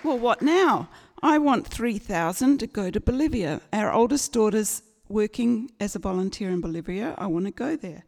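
A woman telling a humorous personal story, animated and acting out the people in it. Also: mid-range voice, moderate pace, creaky, few pauses, a faint crowd. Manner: lively, animated, acts out the people in her story. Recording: long reverberant hall.

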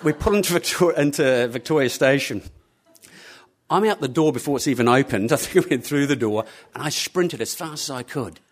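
A man telling a story live to an audience, animated and acting out the people in it. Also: mid-range voice, brisk.

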